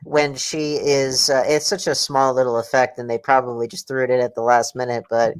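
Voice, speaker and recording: A man co-hosting a casual podcast chat, talking haltingly and restarting his sentences often. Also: medium pitch, flat delivery, clean tone, no echo. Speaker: podcast co-host.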